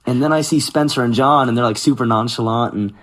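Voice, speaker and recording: A man's voice: mid-range voice, quick pace. A man in his thirties telling stories from his music career in a casual interview, acting out what others said. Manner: animated, quotes others in lively voices.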